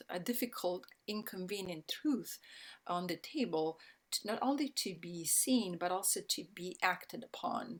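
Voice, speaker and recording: A woman with an Italian accent talks in a reflective, searching way, pausing often and circling back to restart her sentences. Her voice sits a little on the low side. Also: a bit bright. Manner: reflective, many pauses and restarts. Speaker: guest speaker. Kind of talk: thoughtful conversational talk.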